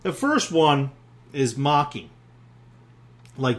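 A man's voice: a little high, big pitch swings, slow pace, pauses often, sharp tone. A middle-aged man from Newfoundland, a pastor preaching a sermon in a folksy, plain-spoken way, with many fillers and restarts.

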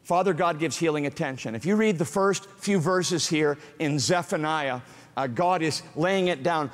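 Here a pastor with a somewhat high voice delivers a sermon at a moderate pace, his words ringing through a big reverberant hall. Direct and emphatic with his listeners, he slips in playful asides while rising toward a fervent climax.

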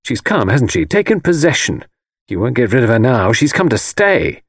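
A man's voice: medium pitch, big pitch swings, moderate pace, husky, no room sound, studio quality. A man reading an audiobook voices an intense, brooding male architect who presses cryptic, insistent warnings. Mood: urgent.

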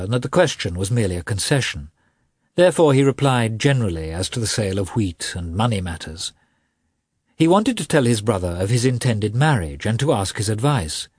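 A man narrates an audiobook in a low, husky voice with a lively, wide-ranging pitch. His reading is steady and expressive. The recording is close and dry. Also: dry recording.

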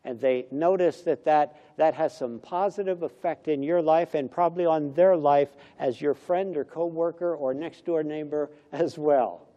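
Mellow-voiced man preaching a sermon. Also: on the high side, normal speed, hardly any pauses, highs cut off. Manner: conversational, acts out little dialogues. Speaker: pastor.

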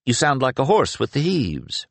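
A quick-witted young sorcerer, voiced by a male audiobook narrator, chatting in a light, bantering way. He sits a little higher than the narrator's low voice and moves around a lot in pitch, all on a dry, close recording. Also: wildly swooping pitch, creaky, no room sound, heavily acted. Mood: lively.

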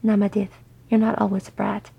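A woman's voice: mid-range voice, level tone, fairly quick, vocal fry, breathy edge, lo-fi sound, exaggerated voice. A woman voicing a proud, touchy young male dwarf. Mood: teasing.

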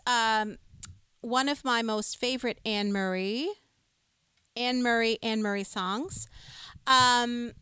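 A woman's voice: a little high, pushed and bright, clear, resonant tone, dry recording. A woman co-hosting a live music stream, chatting with enthusiasm and reading viewer comments aloud. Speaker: co-host of a music livestream. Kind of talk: casual live-stream chat.

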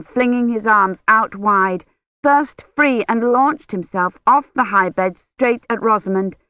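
Audiobook narrator, measured reading, mid pitch, muffled lo-fi, dry close sound. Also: no room sound. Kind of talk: scripted narration.

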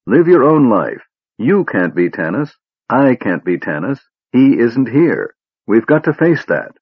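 A man's voice: mid-range voice, big pitch swings, unhurried, breathy edge, dull audio, voice pushed up, exaggerated voice. A man doing a stern, troubled knight. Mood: harsh. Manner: stern, harsh outbursts.

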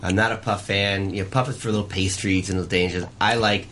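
In a casual guest chat, a pie shop owner talks enthusiastically through his recipes, with lots of restarts. He has a low, steady, slightly bright voice and speaks fairly quickly, with a little hiss or hum in the audio.

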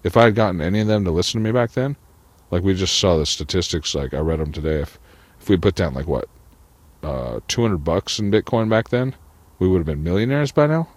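A man's voice: deep voice, expressive, a little fast, a little mellow, no echo. A man talking to camera in a rambling personal monologue, profane and full of "like". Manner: profane, rambling, heavy use of "like". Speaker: vlogger.

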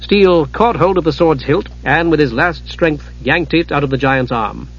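A man narrates a fantasy novel in a steady, dramatic reading. His voice is husky and a little high. The audiobook recording sounds dull and lo-fi. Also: normal speed.

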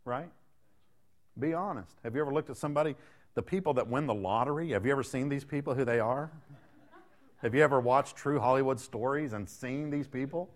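A middle-aged guest preacher with a mid-range voice talks fairly quickly. His sermon is conversational, with jokes and rhetorical questions aimed at the congregation.

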